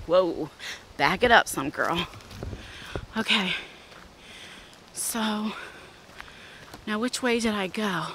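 A woman's voice: mid-range voice, sharp tone, a little hiss or hum. A woman out of breath, chatting to her viewers as she walks outdoor trails, filming on a handheld phone. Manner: chatty, talks to viewers while walking. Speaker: vlogger. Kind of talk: casual walk-and-talk vlog.

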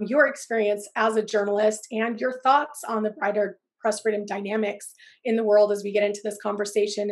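Woman with a gravelly cold-scratched voice. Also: medium pitch. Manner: conversational, with frequent ums and restarts. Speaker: press freedom advocate and moderator. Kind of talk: webinar conversation. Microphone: video call.

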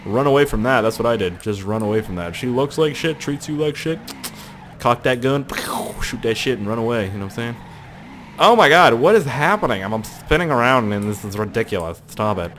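A man's voice: on the low side, a little fast, slight background noise. Rambling, foul-mouthed male game commentator. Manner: rambling, profane, excitable. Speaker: host.

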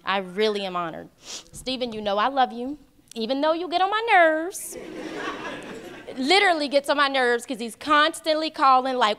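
A woman's voice: sits high, lively intonation, moderate pace, bright, forceful tone. A woman giving a heartfelt, earnest wedding toast as the bride's best friend, speaking at a wedding reception. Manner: heartfelt, earnest, faith-filled speech.

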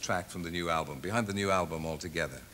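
A man's voice: sits low, quick pace, fairly bright tone, a little hiss or hum. A man hosting a TV chat show, interviewing a guest with leading questions.

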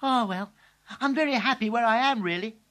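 A woman's voice: fairly high pitch, brisk, lightly acted. A woman voicing a cheerful, chatty small male character on a children's story tape, eager and rambling. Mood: excited. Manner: eager, rambling, easily excited.

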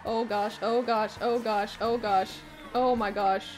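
A woman streamer giving live commentary as she plays, excitable, swearing and shrieking when things get fast. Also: mid-range voice, faint music behind. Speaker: gaming streamer.

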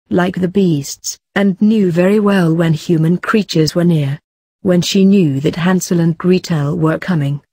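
A woman reads a children's fairy tale aloud in a gentle, measured way. Her voice sits low and mellow, with a slightly husky edge. The recording is dry and close. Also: dry recording. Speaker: storyteller. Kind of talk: children's audiobook narration.

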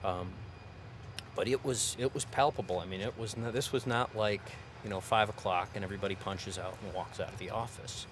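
A man's voice: on the low side, steady tone, fairly quick, background noise. A man speaking reflectively and hesitantly in a documentary interview.

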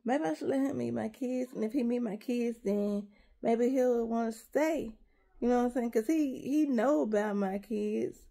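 A woman's voice: fairly high pitch, normal speed, gravelly, mellow. A middle-aged woman, rambling emotionally to her viewers in a casual confessional vlog, on the verge of tears. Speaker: vlogger.

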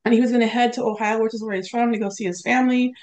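A middle-aged woman with a fairly high voice tells a personal story as a podcast guest. She speaks with open emotion and acts out the lines of others as she retells them. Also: fairly even intonation, rapid-fire, darkish tone.

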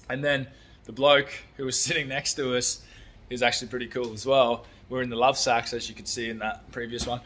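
A man's voice: mid-range voice, a little slow, pauses often, bright, forceful tone, husky. A man vlogging in a casual, blunt, sweary way, ranting about a film and talking about his building work. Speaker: vlogger, construction worker. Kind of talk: casual chat.

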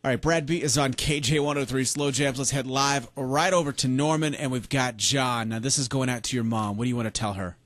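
A man hosting a late-night radio dedication show from the studio, with smooth, steady on-air patter. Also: mid-range voice, fairly quick, hardly any pauses.

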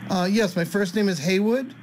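A man making a prank call to a scammer, playing naive with halting, stammering speech. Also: high voice, noisy background. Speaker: scambaiter caller. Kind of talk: prank phone call and commentary.

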